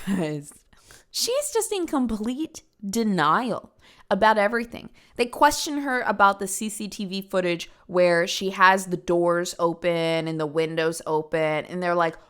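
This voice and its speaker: A woman's voice: lowish voice, a bit bright, smooth. A young adult woman hosting a podcast, telling a true-crime story casually and emphatically, swearing now and then. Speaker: podcast host.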